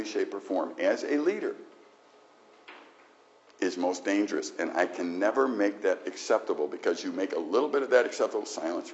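A man's voice: deep voice, darkish tone, muffled recording. A man voicing God as a stern figure firmly correcting a leader.

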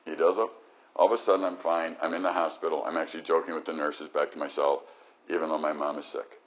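An older man preaching a sermon, animated, swinging from loud exclamations to quiet, reflective stretches. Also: extremely low pitch, quick pace. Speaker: pastor. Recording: dull lo-fi recording.

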